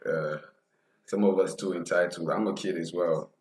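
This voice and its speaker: An excitable man in his early twenties reacts to a track and keeps repeating phrases as his enthusiasm builds. His voice sits a little low. The sound bounces around an echoey room, and faint noise hums underneath. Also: moderate pace. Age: early 20s. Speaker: music reaction host.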